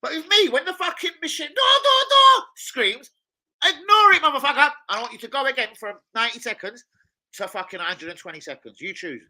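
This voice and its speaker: A man's voice: extremely high pitch, fast talker, rough recording. A man hosting a football watch-along, rambling and swearing freely in casual chat. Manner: rambling, excitable, swears a lot. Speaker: chef.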